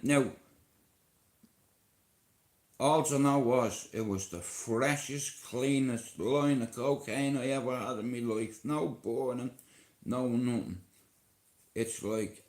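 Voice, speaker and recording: A man's voice: mid-range voice, darkish tone. A Dublin man live-streaming, telling a rambling, profane story and checking in with his listeners as he goes. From Ireland. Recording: echoey room.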